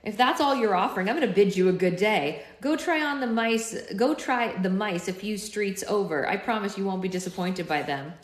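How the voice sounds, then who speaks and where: A woman's voice: mid-range voice, lively intonation, normal speed, few pauses, natural voice. A woman reading aloud, voicing a cocky, sarcastic young male time traveler in a roomy space. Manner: sarcastic, breezy. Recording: roomy echo.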